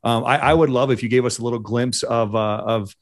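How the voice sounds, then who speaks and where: A man's voice: mid-range voice, steady tone, fairly quick, dry recording, studio quality. A man hosting a podcast interview, chatty and affirming toward his guest. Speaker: podcast host. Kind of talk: interview conversation.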